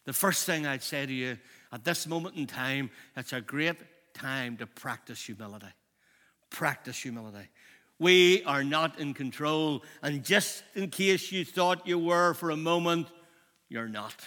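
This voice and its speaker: A man, preaching a sermon as a pastor, impassioned and shifting between loud and hushed. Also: on the high side, a little slow. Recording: long hall reverb.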